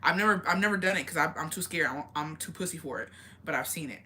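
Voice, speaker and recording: A woman's voice: low-pitched, fast, bright, forceful tone. A woman hosting a casual live stream, talking bluntly and profanely while reading and answering viewer comments. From Mexican heritage. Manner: blunt, profane, chatty, reads comments aloud.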